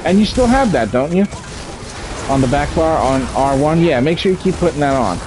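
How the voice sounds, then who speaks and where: A man's voice: a little high, expressive, brisk, noisy background. A man streaming a game, chatting casually, explaining mechanics and swearing freely. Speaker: streamer playing an online game. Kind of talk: casual gameplay commentary.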